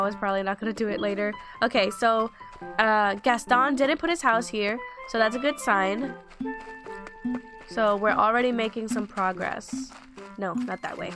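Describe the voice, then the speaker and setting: A young woman casually commenting on her gameplay, rambling and breaking into panicked outbursts. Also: a little high. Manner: rambling, chatty, bursts into panicked exclamations. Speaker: let's play gamer. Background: game music.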